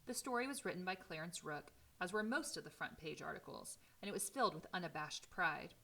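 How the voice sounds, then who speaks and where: Bright-voiced woman reading a novel aloud. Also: on the low side, brisk, vocal fry. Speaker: teacher.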